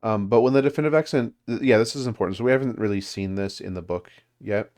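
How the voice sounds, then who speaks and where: A man's voice: fairly low pitch, fast talker, darkish tone. A man leading a language study group, explaining grammar casually with many fillers and restarts. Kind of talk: casual teaching over a call.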